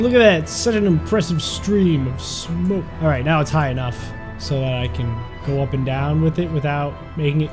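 A young man commentating on his own gameplay, excitable and yelping when things go wrong. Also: a little high. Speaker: gaming YouTuber. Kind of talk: game commentary.

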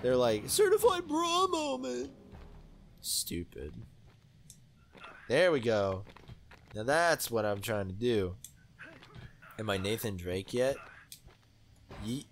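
A young man giving excitable, rambling commentary while playing a video game, with many fillers. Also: on the low side, slow pace, pauses often, slight background noise. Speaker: let's play host. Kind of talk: gaming commentary.

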